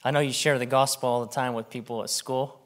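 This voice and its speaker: A male pastor preaching a sermon in a church before a congregation, talking casually and slowing down to read scripture. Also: mid-range voice, fairly even intonation. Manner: conversational preaching, slows down for scripture reading.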